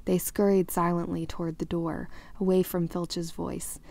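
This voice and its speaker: Low gravelly woman reading a storybook. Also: normal speed. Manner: expressive reading, lively character voices. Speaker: audiobook reader. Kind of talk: reading a novel aloud.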